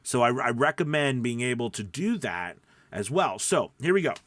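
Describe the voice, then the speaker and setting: A man hosting a show for new voiceover artists, teaching in an energetic, chatty way with frequent fillers. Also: medium pitch, normal speed, no echo. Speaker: voiceover coach. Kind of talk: upbeat teaching monologue.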